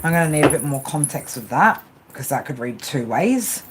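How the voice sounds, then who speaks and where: Her voice is low-pitched and expressive, at normal speed, over a noisy background. She is a woman giving live tarot readings, rambling and blunt, swearing heavily as she dispenses tough love and finishing her lines with "right?" over and over.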